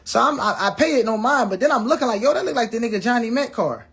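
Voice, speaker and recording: A man's voice: very high voice, animated, fast, gravelly, a bit bright, slightly rough. A man telling viewers a personal story in a blunt, profane way, restarting his words and acting out what people said. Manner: blunt, profane, acts out quoted dialogue; repeats and restarts words often.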